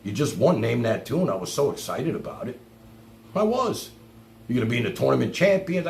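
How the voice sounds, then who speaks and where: Male streamer host, angry profane rant, lively up-and-down pitch, slightly high. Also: creaky. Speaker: livestream host. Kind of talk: heated livestream rant. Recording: echoey room.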